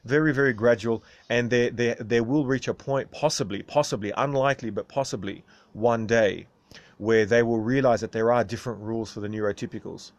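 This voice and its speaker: A man talks straight to his viewers in a loose, casual monologue. He rambles, restarts his thoughts and keeps tagging his points with "right?". His voice sits at an ordinary middle pitch. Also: fairly even intonation, fairly quick. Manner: rambling, tags sentences with "right?". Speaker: video host.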